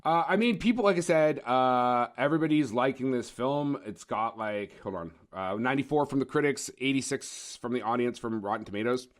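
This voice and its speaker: A man's voice: mid-range voice, a little fast, hardly any pauses. A man hosting a movie podcast in a casual, joking way, teasing his co-host and easily getting sidetracked. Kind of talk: casual chat.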